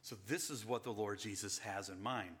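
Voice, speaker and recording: A man preaches at a moderate pace, his voice fairly low yet a bit bright. Speaking as pastor to his congregation, he calls them saints and works through questions he raises and answers himself, building to emphatic passages.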